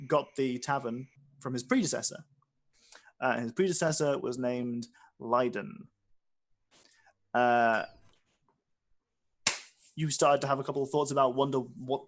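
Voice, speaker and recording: A man narrating as game master, rambling with many fillers and restarts. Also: mid-range voice. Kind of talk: narrating a tabletop game session.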